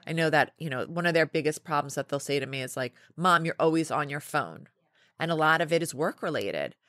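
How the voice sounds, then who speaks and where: Brief: woman in her 40s, low voice, lively storyteller, close dry mic. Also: dry recording. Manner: lively storytelling with laughs and quick restarts. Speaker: podcast guest, company founder. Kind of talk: casual interview chat.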